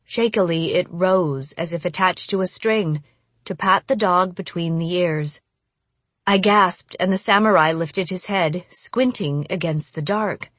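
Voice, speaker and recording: A woman reading a first-person audiobook in a measured, expressive narration. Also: fairly low pitch, no room sound.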